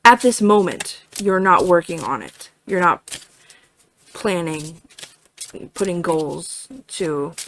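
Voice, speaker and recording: A woman's voice: fairly low pitch, animated, slow, pauses often, a bit bright, slight background noise. Chatty woman giving a tarot reading. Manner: chatty, filler-heavy, asks "right?" often, swears casually. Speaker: tarot reader.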